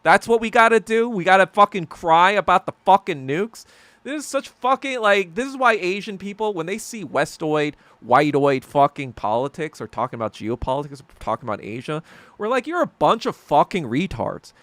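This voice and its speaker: A man hosting his own podcast in a solo rant, profane and heated, swinging between loud outbursts and low muttering. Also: normal speed, no room sound. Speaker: podcast host. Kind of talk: solo ranting monologue.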